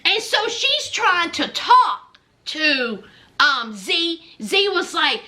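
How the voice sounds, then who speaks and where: Woman, sassy reality TV recap, high lively voice, slow drawn-out delivery. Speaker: reality TV commentator.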